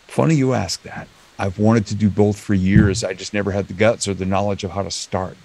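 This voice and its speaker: An American man, a motivational speaker and comedian, telling stories as an interview guest with lively acted-out quotes over a video call. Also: fairly low pitch, fairly quick, creaky. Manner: animated storyteller, acts out quoted lines. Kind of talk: storytelling interview chat.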